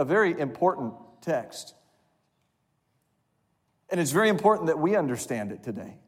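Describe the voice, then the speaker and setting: Man, pastor, sermon, call-and-response, high voice, long church reverb. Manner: preaching with call-and-response to congregation. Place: church sanctuary.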